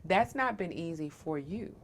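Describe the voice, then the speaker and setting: A middle-aged woman interviewing a guest in a low, gravelly voice. She is affirming and emphatic, and she often checks in with a quick "right?". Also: lively intonation, a little hiss or hum. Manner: affirming, emphatic, frequent "right?" tag questions. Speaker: interviewer and host. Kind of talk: supportive conversational interview.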